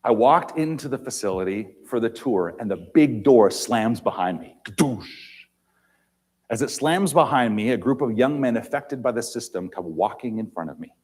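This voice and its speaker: A man giving an inspirational talk on stage in a large auditorium, emphatic, swinging between loud and quiet. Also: medium pitch, expressive, normal speed, breathy edge.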